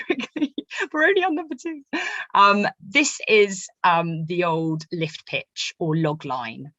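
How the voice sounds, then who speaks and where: A woman, a novelist, teaching a writing workshop in a quick, chatty way with many fillers. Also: low voice, fairly bright tone, dry recording. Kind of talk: online workshop talk.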